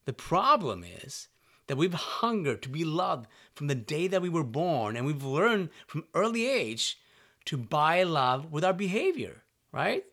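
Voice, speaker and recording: A man's voice: fairly high pitch, big pitch swings, measured pace, a bit bright. A man giving a motivational talk to his listeners, earnest and direct, often checking in with "right?" and asking if they are following. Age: adult parent. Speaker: self-help speaker. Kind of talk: motivational monologue.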